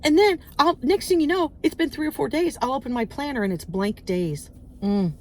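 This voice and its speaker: A woman with a fairly high voice rants casually into her phone while waiting outdoors, and she bounces from story to story, acting out little voices. Her delivery is animated and chatty. A faint outdoor hum sits under her voice. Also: normal speed. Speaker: vlogger. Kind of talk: casual chatty rant to camera. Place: outdoors, waiting in parked car area.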